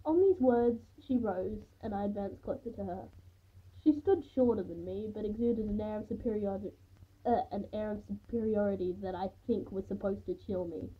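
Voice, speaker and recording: A woman's voice: mid-range voice, moderate pace, slightly rough. A woman reading her own first-person story aloud in a plain, unpolished way, sometimes restarting a phrase. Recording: tinny phone-like sound.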